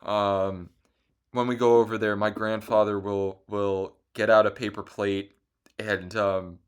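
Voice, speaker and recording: A young man in his twenties talks alone in a loose, rambling way, with a lowish voice. He swears freely and restarts his sentences often. At moments he sounds choked up. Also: flat delivery, unhurried, smooth. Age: 20s. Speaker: podcast host. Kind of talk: casual solo chat.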